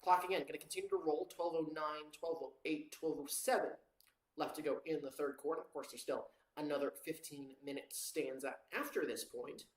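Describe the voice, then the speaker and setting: An amateur commentator calling play-by-play over a live watchalong, casual and rambling, with fillers and quick self-corrections. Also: medium pitch, fairly even intonation, reverberant, rough recording.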